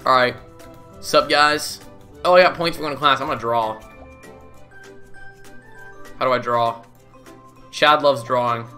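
A man's voice: mid-range voice, steady tone, unhurried, long pauses, bright, forceful tone, soft background music. A young man giving casual, goofy commentary as he plays a game, laughing often and swearing casually. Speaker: gaming YouTuber.

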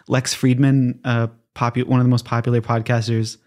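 A man's voice: mid-range voice, little pitch movement, moderate pace, hardly any pauses, darkish tone. A man hosting a podcast, chatting casually in a rambling, self-correcting way. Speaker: podcast host. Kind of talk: casual interview chat.

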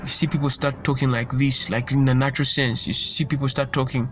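A man delivers an informal sermon in an earnest voice of middling pitch. He circles back on his points and stumbles over words as he goes. Faint vehicle noise hums in the background. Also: flat delivery, brisk. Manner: earnest, repetitive, stumbles and restarts. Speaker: preacher.

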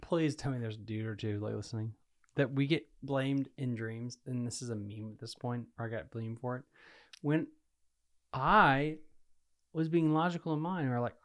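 A man co-hosting a podcast, trading relaxed, joking banter. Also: medium pitch, moderate pace. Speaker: podcast co-host. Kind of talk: casual chat.

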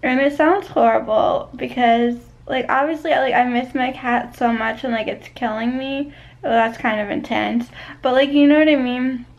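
A woman's voice: high-pitched, normal speed, creaky, dull audio. A young woman vlogging casually to camera from a vacation condo, rambling with lots of fillers and restarts.

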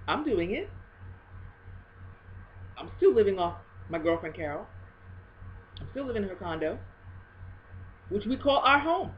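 A woman talking in a casual faith video blog, expressive and swinging between hushed and loud. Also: medium pitch, a little slow, pauses often, lo-fi sound, a little hiss or hum.

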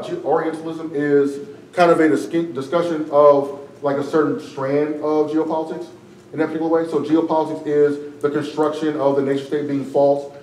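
A man's voice: a little high, darkish tone. A man with a tiring, strained voice giving a casual classroom lecture as a debate instructor, often tagging his sentences with "right?". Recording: echoey room, far from the mic, faint noise.

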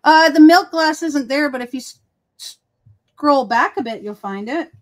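A woman hosting a casual crafting livestream, chatting in a rambling, chatty way with quick asides. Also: high voice, lively intonation. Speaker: livestream host. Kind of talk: casual chat while crafting.

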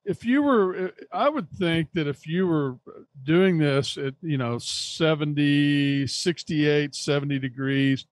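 A man's voice: fairly high pitch, slow pace, no room sound. Rambling male podcast co-host. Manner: rambling, teasing. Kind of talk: casual podcast chat.

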